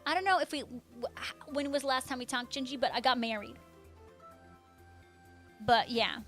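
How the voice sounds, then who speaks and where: A woman's voice: high voice, moderate pace, a bit bright, soft background music. A young adult woman livestreaming, chatting casually with viewers and reading their messages in a bubbly, gushing way. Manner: bubbly, gushing, reads viewer names aloud. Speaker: streamer reading chat.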